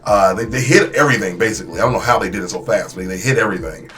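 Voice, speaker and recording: A young man telling his story in a casual vlog, animated and emphatic, with many restarts and repeated phrases. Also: lowish voice, very fast. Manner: animated, acts out quotes with voice shifts. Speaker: YouTuber.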